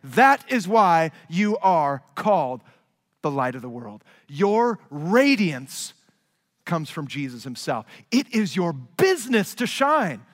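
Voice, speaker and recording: A man preaching a sermon as pastor, with emphatic, repetitive rhetoric that swings between quiet low asides and raised, urgent stresses. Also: very animated, takes it slowly. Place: large church sanctuary. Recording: long hall reverb.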